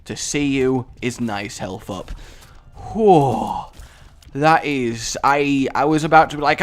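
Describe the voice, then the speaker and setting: A young British man giving jokey, excitable commentary over a video game from a home setup, with sudden loud outbursts. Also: mid-range voice, takes it slowly. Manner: excitable, jokey, sings and puts on voices. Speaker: gaming commentator. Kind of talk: let's play commentary.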